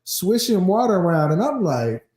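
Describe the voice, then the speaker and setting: A podcast host with a high-pitched voice chats casually at a normal speed, animatedly telling stories, swearing freely and acting out the quotes himself. The room is echoey, with a little hiss or hum.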